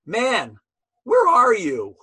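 A man voicing a pushy man who shouts questions at a new prisoner. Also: very high-pitched, huge pitch swings, drawn-out words, husky, voice pushed up, full character voice. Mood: insistent. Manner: shouting, insistent.

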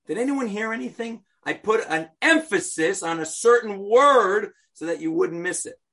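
A man's voice: sits high, lively intonation, normal speed, gravelly, fairly bright tone. A man teaching an informal Bible class, joking and talking to the group directly. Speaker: Torah teacher.

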